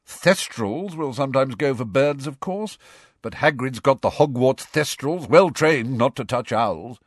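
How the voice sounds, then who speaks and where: A man voicing a gruff, brisk, pipe-smoking woman teacher in a storybook reading. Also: mid-range voice, lively intonation, no room sound, studio quality, voice pushed up.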